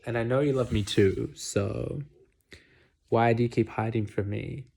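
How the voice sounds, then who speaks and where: A young man vlogging a candid confessional monologue, swearing freely and swinging between murmurs and loud outbursts. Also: mid-range voice, fairly even intonation, measured pace, creaky.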